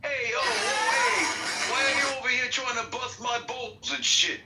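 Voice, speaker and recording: A man putting on a brash, loud-mouthed male comedian with a New York accent. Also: extremely high pitch, sing-song, a little slow, reverberant, recorded from a distance, music in the background, voice pushed up, exaggerated voice. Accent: New York imitation.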